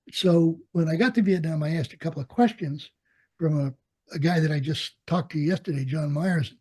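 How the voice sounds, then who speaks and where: A man's voice: on the high side, breathy edge. An older American man, a Vietnam veteran pilot, telling stories in an oral history interview, acting out the dialogue and laughing often. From United States. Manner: animated storyteller, acts out quoted dialogue, laughs often.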